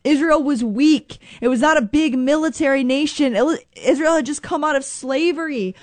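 Preaching with earnest emphasis, a high-voiced woman returns to her key phrases again and again, slowing to stress them. The recording is dry, with no room sound.

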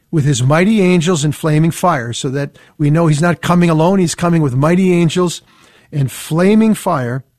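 A man leads a Bible study, reading passages slowly before breaking them down. His voice sits a touch high, and the sound is close and dry with no room behind it. He talks with steady, earnest conviction. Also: no echo. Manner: reads verses slowly, then explains with earnest emphasis. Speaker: Bible teacher. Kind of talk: scripture reading and commentary.

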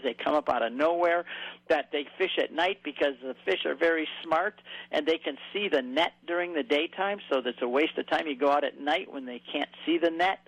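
A man telling a vivid travel story in conversation, voicing quoted people in a higher pitch. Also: no room sound, rough recording. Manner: animated storyteller, raises pitch for quoted voices.

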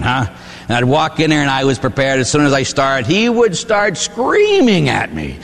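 An older male priest preaches with lively storytelling, acting out little voices and asking "huh?" after his points. His voice rings out with a long reverb, as if in a large church hall. He sits mid-range in pitch for a man. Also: moderate pace. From Pittsburgh, USA. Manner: animated storytelling, acts out quoted voices, tag questions "huh?". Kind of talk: preaching on confession.

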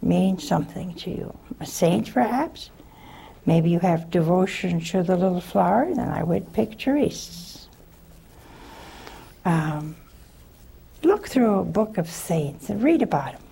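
Nun on a call-in show, slow and gravelly, folksy storyteller who chuckles a lot. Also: female voice, on the low side, animated, warm tone, a little hiss or hum. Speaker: religious sister answering callers.

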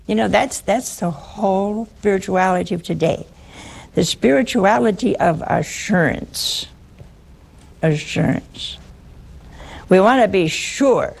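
Gravelly woman preaching with teasing humor. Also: medium pitch, slow pace, darkish tone. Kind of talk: sermon to a live audience.

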